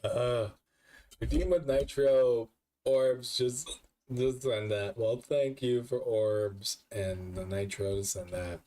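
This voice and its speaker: A man's voice: medium pitch, takes it slowly, dark tone. A man streaming as a VTuber, drunk and hiccuping, talking in a rambling, profane, self-mocking way. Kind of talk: casual live-stream chat.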